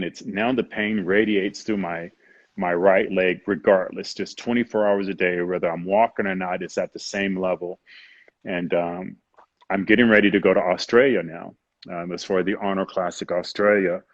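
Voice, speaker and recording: Deep husky man telling his story. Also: fairly even intonation, normal speed, no room sound, highs cut off. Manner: candid, acts out others' voices, frequent "you know". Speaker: interview guest. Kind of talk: emotional personal storytelling.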